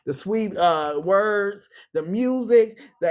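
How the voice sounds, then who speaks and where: A man's voice: high voice, expressive, extremely slow, hardly any pauses. A man giving a casual tarot reading and talking straight to the viewer in slangy, profane, chatty speech. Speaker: tarot reader.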